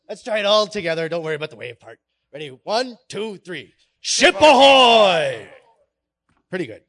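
A man giving a playful live talk on stage, coaxing his audience through pirate-voice warm-ups. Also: a little high, big pitch swings, quick pace. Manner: hammy pirate-voice delivery, coaxing the crowd. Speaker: conference speaker.

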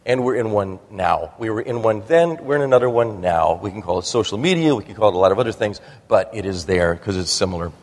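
Lower-pitched man giving a rambling, anecdotal talk, echo of a big hall around him. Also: expressive, fast, few pauses, darkish tone. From New Jersey. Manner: rambling, frequent restarts and fillers. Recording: long reverb of a hall.

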